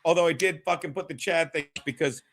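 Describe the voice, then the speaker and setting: A man's voice: fairly high pitch, a little fast, vocal fry, fairly bright tone, a little hiss or hum. A man hosting his own livestream, rambling and swearing casually as he chats with viewers from home. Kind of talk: casual solo livestream chat.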